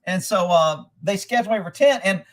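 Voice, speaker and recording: A man's voice: sits high, brisk. A man hosting a casual livestream, reading comments and telling rambling, profane stories with frequent laughter. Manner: profane, rambling storyteller who laughs often. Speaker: livestream host. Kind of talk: casual live-stream chat, reading comments.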